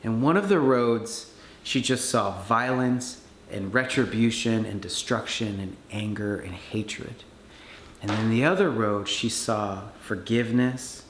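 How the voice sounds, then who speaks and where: A man speaking at a conference, telling a story in an animated way and acting out the people he quotes. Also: on the low side. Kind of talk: storytelling talk. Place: conference hall. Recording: echoey room with faint background noise.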